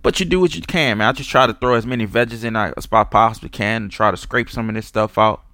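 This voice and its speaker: Rambling New man, low dry voice. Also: fast talker, bright, forceful tone, dry recording. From New Orleans. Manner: loose, profane, digressive, many restarts and fillers. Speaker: podcast host. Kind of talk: casual rambling monologue.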